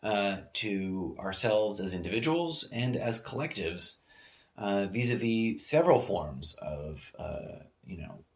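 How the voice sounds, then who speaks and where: A man's voice: lowish voice, lively intonation, slow pace. A man hosting a solo podcast, thinking aloud in a meandering, hesitant way with many fillers and restarts, recorded in a room at home. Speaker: podcast host. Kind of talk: rambling solo podcast monologue. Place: home room used as studio. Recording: echoey room.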